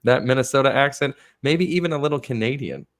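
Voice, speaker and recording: A hoarse man on a podcast throws in crude, joking asides. His voice is at an average male pitch and his throat is roughened. The sound is dry and close-miked. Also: fast, no room sound. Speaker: podcast co-host. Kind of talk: casual podcast chat.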